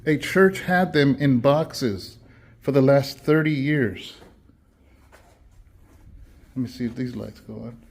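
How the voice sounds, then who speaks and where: A man's voice: medium pitch, slow pace, long pauses. A man out of breath from walking, eagerly touring an empty church building and talking straight to viewers. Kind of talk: casual walkthrough vlog.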